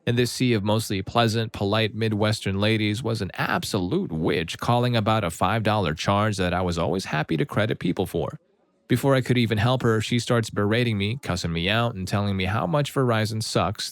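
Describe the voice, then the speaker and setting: A man reading out reader-submitted stories in a steady, matter-of-fact scripted narration. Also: lowish voice, a little fast, no echo. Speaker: story channel narrator.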